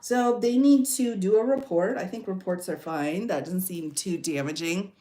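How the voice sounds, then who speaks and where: A woman's voice: lowish voice, moderate pace, mellow, reverberant. A woman hosting a casual livestream, reading bills aloud and reacting to them with chatty asides. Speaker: legal commentary host.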